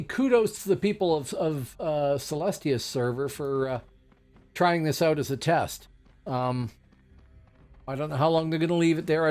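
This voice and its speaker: A man's voice: fairly high pitch, a little mellow. A man giving casual, rambling gameplay commentary as a streamer, chatty with many fillers and asides. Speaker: game streamer.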